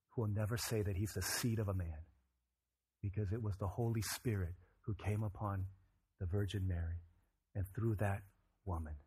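A man preaching a sermon, moving between quiet reflection and loud, emphatic bursts. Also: lowish voice, husky. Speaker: pastor.

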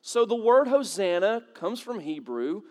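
A man with a high voice preaches a sermon to his congregation. He talks in a loose, conversational way, asks questions, and rises to dramatic peaks. His voice carries a long echo from the hall around him. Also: sing-song, unhurried, darkish tone. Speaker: pastor.

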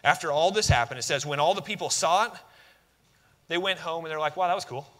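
A man preaches a sermon in a bright, fairly high voice. He keeps it conversational and emphatic, asking his listeners rhetorical questions and adding touches of humor. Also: quick pace, long reverb tail.

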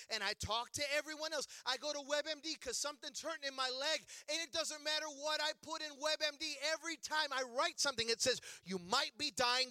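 A middle-aged man preaching a humorous storytelling sermon. He talks animatedly, acts out quotes and builds to shouted exhortations. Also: very high voice, dry recording.

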